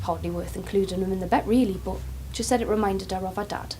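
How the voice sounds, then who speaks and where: A woman, performing a dramatic monologue as a care worker who shifts between quiet asides and excited outbursts. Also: mid-range voice, quick pace, slight background noise.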